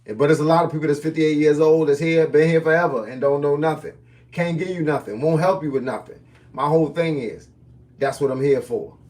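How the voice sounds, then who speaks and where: A man's voice: fairly high pitch, a little fast, a little mellow, distant mic. A man in his fifties, a fitness and boxing coach, answering viewers' questions on a live stream in casual, folksy slang. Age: 50s.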